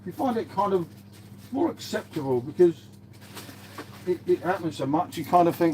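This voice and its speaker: A man's voice: fairly high pitch, expressive, a little fast, mellow, slight background noise. A man chatting casually on a live stream, rambling and laid-back, swearing freely and calling everyone mate. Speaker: livestreamer answering chat.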